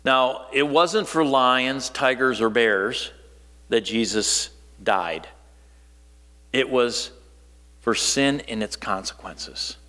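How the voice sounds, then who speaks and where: A man from northern Wisconsin delivers a sermon like he's telling a story to friends. His voice sits at a middle pitch and sinks low and soft on key points, with a long reverb trailing behind it. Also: takes it slowly. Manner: storytelling, conversational, dropping low and quiet for emphasis. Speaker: preacher.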